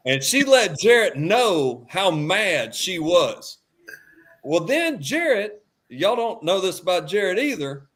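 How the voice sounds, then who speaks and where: A man telling a lively story as a podcast guest, acting out quotes and laughing often. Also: sits high, takes it slowly. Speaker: podcast guest, former quarterback. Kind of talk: animated storytelling.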